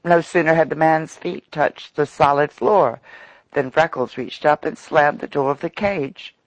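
A man narrating an audiobook story in an expressive, dramatic manner. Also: fairly high pitch, unhurried, no echo.

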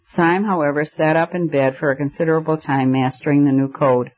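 A man reads an audiobook aloud in a measured storytelling manner. His voice is slightly high, and the recording sounds dull and lo-fi. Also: fairly even intonation. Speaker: audiobook narrator. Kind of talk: scripted narration.

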